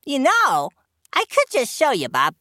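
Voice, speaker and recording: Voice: sits high, wildly swooping pitch, unhurried, bright, forceful tone, no echo, clean studio sound, heavily acted. A voice actor playing a goofy, cheerful male cucumber who co-hosts a cartoon podcast, teasing and joking. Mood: playful. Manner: jokey, teasing, giggly. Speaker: co-host.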